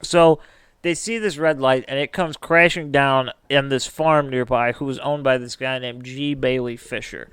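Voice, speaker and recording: A man hosting a casual podcast, telling a story in an animated way with drawn-out emphasis. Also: mid-range voice, smooth, no echo. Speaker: podcast host.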